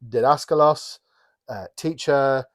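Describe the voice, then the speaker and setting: Co-hosting a casual Bible study podcast, a man with a medium-pitched voice talks slowly. He rambles and restarts his sentences, frequently breaking off for apologetic asides.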